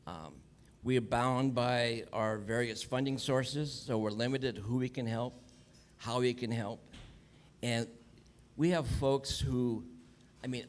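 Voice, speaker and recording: A man's voice: medium pitch, slight background noise. A man who has worked for decades in homeless services, answering at a panel on a handheld microphone, blunt and plain-spoken. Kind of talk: panel discussion remarks.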